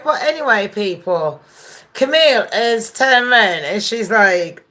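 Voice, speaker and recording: A woman's voice: medium pitch, lively intonation, a little slow, pushed and bright. A woman hosting a gossip live stream, chatting casually, swearing freely and greeting viewers by name. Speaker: gossip channel host.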